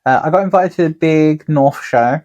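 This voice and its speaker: A man's voice: on the high side, normal speed, a little mellow, lo-fi sound. A man, a tattooer co-hosting a podcast, telling long rambling anecdotes in casual chat with plenty of swearing.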